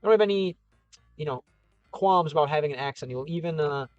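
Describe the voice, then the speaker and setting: Upbeat Midwestern man, smooth voice. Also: a little high, brisk, no echo, dull audio, faint music behind. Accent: Chicago, American Midwest. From American Midwest. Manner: rambling, upbeat and encouraging, many fillers. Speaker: livestream host reading comments. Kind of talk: casual livestream chat.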